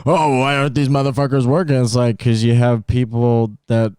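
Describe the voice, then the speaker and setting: Male podcast co-host: mellow, smooth voice, dry close mic, teasing and easygoing. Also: mid-range voice, level tone, moderate pace, dry recording. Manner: teasing, laid-back, argumentative. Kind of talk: casual podcast chat.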